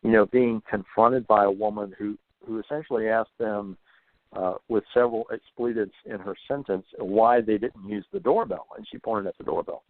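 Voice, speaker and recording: A man with a lowish voice explains things in a casual interview, pausing and repeating words as he thinks. The sound is dry and thin, like a phone line. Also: dry recording. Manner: thoughtful, stumbles and repeats words. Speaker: guest author on paranormal folklore.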